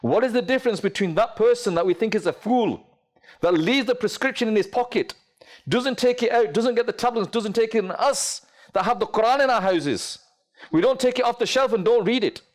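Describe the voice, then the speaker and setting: A man's voice: high voice, a little fast. A man giving a sermon to an audience, telling a story and asking rhetorical questions. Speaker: preacher.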